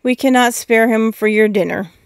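Old giantess, hushed and placating, read by a woman, slightly high, crisp voice. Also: normal speed, no echo, lightly acted. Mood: soothing.

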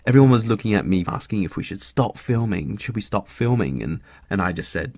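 A man's voice: on the low side, very animated, fairly quick, few pauses, a bit bright, dry recording. A man giving a crude, rambling parody interview, swearing constantly. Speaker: mock interviewee.

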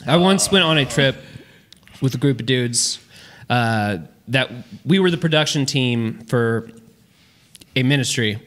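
A man with a bright, clear voice trades jokes and stories on a podcast. He speaks with lively ups and downs in pitch and a playful, joking manner. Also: unhurried. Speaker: podcast co-host. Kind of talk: casual chat.

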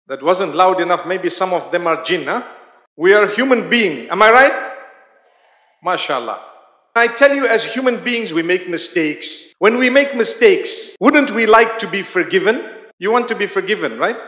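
A man with a fairly high voice gives a religious lecture to a live audience. His delivery is conversational, with frequent questions put to the crowd. The sound rings with the long reverb of a large hall. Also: pushed and bright. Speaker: Islamic lecturer.

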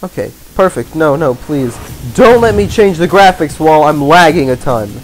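A man giving gaming commentary as a let's play host, ranting in exasperation, swearing and yelling at the game. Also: a little high, lively intonation, moderate pace, soft background music.

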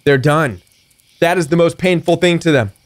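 A man's voice: a little high, normal speed. A middle-aged man giving a preachy, emphatic motivational talk as a coach, acting out defiant retorts. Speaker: recovery coach.

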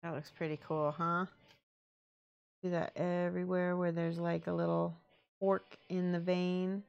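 A woman's voice: fairly low pitch, little pitch movement, measured pace, gravelly, darkish tone, clean tone, highs cut off. A woman chatting casually on a live stream as she paints miniatures, thinking aloud and reading out the chat.

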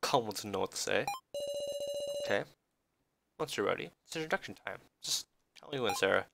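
A man voicing a calm grown man who takes charge of a group, talking low, hushed and measured while reading a visual novel aloud. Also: creaky, noisy background. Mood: steady.

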